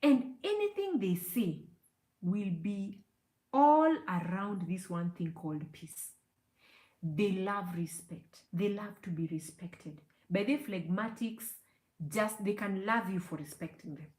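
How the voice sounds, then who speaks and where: A woman's voice: mid-range voice, expressive, slow, a little mellow. Emphatic woman counselor, echoey room. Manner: emphatic, with frequent "you know" and "okay?" asides. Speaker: counseling psychologist. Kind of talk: teaching talk to camera.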